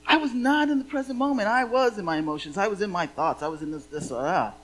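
A woman's voice: medium pitch, low-quality recording. A woman minister giving a sermon in a playful, conversational way.

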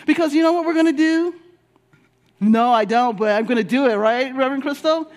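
High-voiced man preaching a sermon. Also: fairly quick. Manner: emphatic, repetitive preaching with rising and falling delivery. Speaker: minister.

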